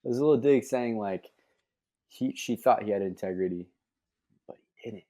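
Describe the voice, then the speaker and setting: A young man co-hosting a casual reaction podcast, laid-back and halting, with jokes. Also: on the low side, mellow. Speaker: podcast co-host.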